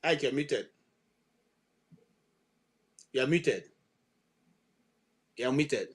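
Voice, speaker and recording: A man's voice: mid-range voice, animated, extremely slow. A man hosting an online panel discussion, speaking in an exasperated, emphatic way. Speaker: host.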